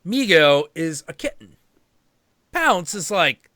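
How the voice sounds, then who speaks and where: A man hosting a stream, telling a story in a casual, animated, profane and rambling way. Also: mid-range voice, slow pace, dry recording, studio quality.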